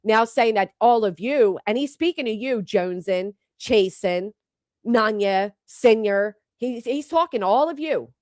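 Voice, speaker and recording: A woman's voice: a little high, expressive, unhurried, a little mellow, no room sound, clean studio sound. Blunt, profane woman livestreamer. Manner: blunt and profane, reads viewer names. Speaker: livestream host. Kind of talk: heated livestream commentary.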